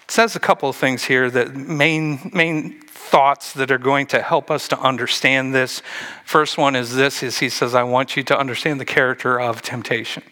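A male pastor preaching a sermon, acting out Bible scenes with lively shifts and dropping to a hush for emphasis. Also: mid-range voice, moderate pace.

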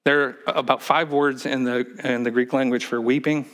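Male pastor, middle pitch, emphatic sermon delivery that moves from loud to whispered. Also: steady tone, moderate pace. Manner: emphatic preaching, swinging from loud to hushed.

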